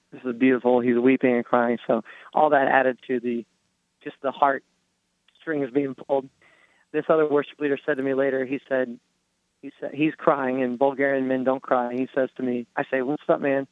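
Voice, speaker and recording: A man sharing an earnest personal testimony on a faith podcast, telling his story with halting restarts. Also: medium pitch, no room sound. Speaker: guest. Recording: tinny phone-like line.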